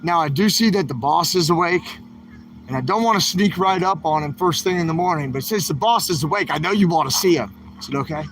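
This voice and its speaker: A man's voice: a little high, brisk, a bit bright, slight background noise, rough recording. A man hosting a casual outdoor livestream from a protest camp, talking straight to his viewers in an upbeat, rambling way. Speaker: livestream host. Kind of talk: casual walk-and-talk livestream.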